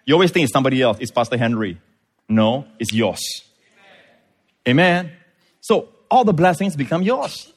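A man's voice: medium pitch, sing-song, moderate pace, pauses often, breathy edge. A middle-aged man, a pastor preaching a sermon. He calls on the congregation for amens and often repeats his words.

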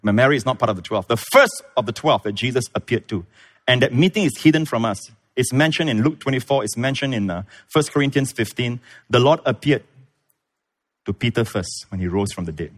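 A man preaching a sermon, retelling scripture with lively storytelling and acted-out voices. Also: brisk. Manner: animated storytelling, acts out voices, big pitch swings. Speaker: pastor.

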